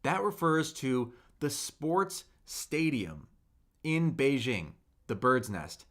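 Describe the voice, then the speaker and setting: A man teaching a livestreamed Mandarin lesson, slowly modeling words for viewers to repeat and chatting with the chat between them. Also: mid-range voice, expressive, a bit bright. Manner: slow, drawn-out modeling of words for repetition; chatty, reads viewer comments aloud.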